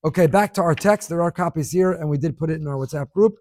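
Animated man teaching a Torah class. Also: on the high side, fast, slight background noise. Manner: animated, emphatic, mixes Hebrew terms. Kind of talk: Torah class reading listener emails.

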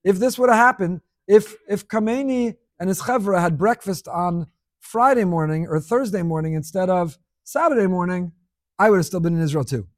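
Emphatic high-voiced preacher man. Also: normal speed, no echo, studio quality. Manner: emphatic, repeats key words, rhetorical questions. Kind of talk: sermon.

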